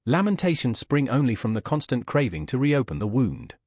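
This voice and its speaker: A man narrating a classic novel as an audiobook in a measured, storytelling manner. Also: medium pitch, sing-song, darkish tone, no room sound, clean studio sound.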